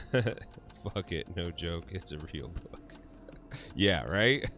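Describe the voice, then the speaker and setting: Low-voiced guy streaming, talks slow and laughs a lot, swears casually, little music going in the back. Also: animated, fairly bright tone. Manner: laughs often, swears freely, answers chat. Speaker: livestream host. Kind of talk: casual livestream chat.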